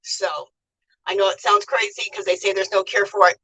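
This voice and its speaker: A woman's voice: mid-range voice, brisk, sharp tone, breathy edge, far from the mic, poor audio. A middle-aged American woman hosting a casual livestream, chatting and laughing as she reads viewer comments aloud. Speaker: livestream host.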